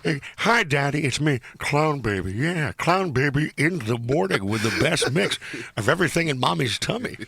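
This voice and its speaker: A man's voice: fairly high pitch, lively intonation, normal speed, vocal fry, a bit bright, breathy edge, no echo, clean studio sound, exaggerated voice. A man doing a silly voice as an unborn clown baby boy, in chirpy baby talk. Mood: goofy.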